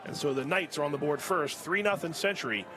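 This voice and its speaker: A man calling a high school football game play by play, getting louder and higher on big plays. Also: fairly quick. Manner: rises sharply in pitch and volume on big plays. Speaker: play-by-play announcer. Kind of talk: live sports commentary. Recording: crowd and music behind. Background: crowd and music.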